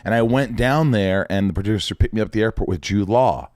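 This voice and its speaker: A podcast guest and actor from Indiana, now in his forties, chats casually about show business, bringing his stories to life by performing other people's lines. His voice is on the low side and quick, captured in studio quality without room sound.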